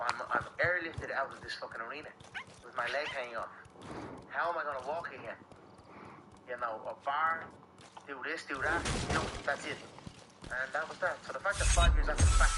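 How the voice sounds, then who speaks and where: Fighter guy in an interview, blunt and sweary, stutters on repeats, kinda high voice, noisy clip. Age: adult with young children. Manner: blunt, profane, repeats words when heated. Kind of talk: candid interview talk. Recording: interview clip with steady background noise.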